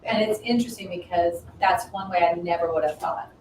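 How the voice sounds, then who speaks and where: Woman in her fifties telling a story. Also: brisk. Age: 50s. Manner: animated, acts out quoted dialogue with rising pitch. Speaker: guest. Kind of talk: storytelling in casual chat. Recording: echoey room, mic at a distance, faint noise.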